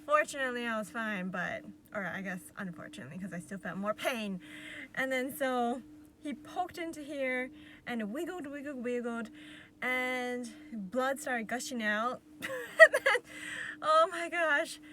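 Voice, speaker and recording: A woman vlogger telling a personal story to camera in a casual, animated way, laughing often and acting out what was said. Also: a little high, unhurried. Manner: animated, laughing often, acts out quotes with sighs. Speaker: vlogger recounting a patient experience.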